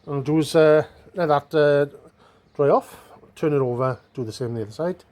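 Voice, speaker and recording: A man's voice: a little high, a little fast, a little mellow. Rambling man in workshop. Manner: rambling, self-mocking, chatty with fillers. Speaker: motorcycle restorer. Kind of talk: casual workshop vlog.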